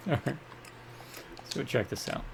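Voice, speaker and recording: A man's voice: normal speed, noisy background. A man from the American South rambling casually while commenting on his gameplay. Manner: rambling, chatty, self-deprecating. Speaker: let's play gamer.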